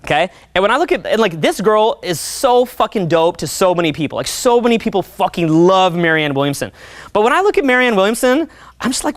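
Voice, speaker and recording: A man's voice: high voice, fairly quick, no echo. A man coaching a live seminar audience, swearing freely and talking with restless energy. He keeps asking the room if they follow him. His voice sounds dry and close, with little room sound. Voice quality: profane, energetic, chatty, keeps checking in with the crowd.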